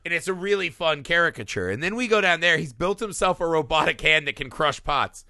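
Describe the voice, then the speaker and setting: A man co-hosting a casual film podcast, animated, acting out movie lines as he talks. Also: a little high, brisk, no room sound, studio quality. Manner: animated, quotes movie lines in put-on voices. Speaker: podcast co-host.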